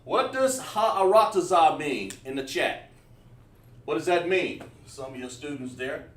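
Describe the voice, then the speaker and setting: A man's voice: fairly high pitch, lively intonation, measured pace, fairly bright tone. Guy teaching a class online, stops and restarts a lot, sounds far off in a roomy space. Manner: talks while writing on a board, many fillers and restarts. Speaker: Hebrew teacher. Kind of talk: livestream class. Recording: roomy echo, mic at a distance.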